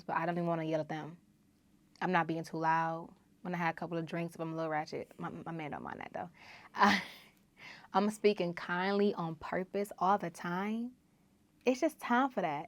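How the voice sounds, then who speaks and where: A woman hosting her own podcast, preaching emphatically and repeating phrases, moving between loud exhortation and low asides. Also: dry recording. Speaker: podcast host. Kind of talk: solo podcast monologue.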